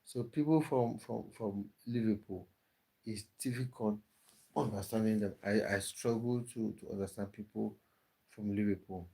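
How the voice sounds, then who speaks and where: A man with a lowish, creaky, dark voice and a breathy edge hosts a casual livestream at a moderate pace. He talks with viewers and reads their comments, frequently repeating words when he starts over.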